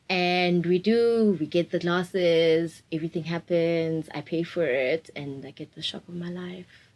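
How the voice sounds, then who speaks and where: Young woman in her 20s, open and reflective, laughs a lot, lowish voice. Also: steady tone, moderate pace, a little mellow, rough recording. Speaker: interviewee. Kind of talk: candid personal interview.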